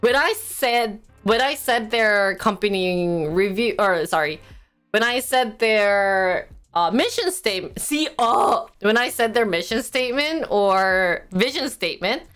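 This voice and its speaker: A woman's voice: mid-range voice, expressive, measured pace, a bit bright, clear, resonant tone, faint music behind. A young woman chatting casually on a live stream, rambling and poking fun at herself. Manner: chatty, rambling, self-mocking.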